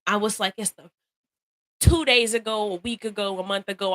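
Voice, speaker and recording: A young woman talks live on her phone to her viewers, chatty and encouraging, often laughing and repeating lines to drive a point home. Her voice is bright and sharp. The sound is dry and close, with no room echo. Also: mid-range voice, fairly quick. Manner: animated, laughs often, greets viewers by name, repeats phrases for emphasis. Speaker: livestream host. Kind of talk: casual motivational live stream talk.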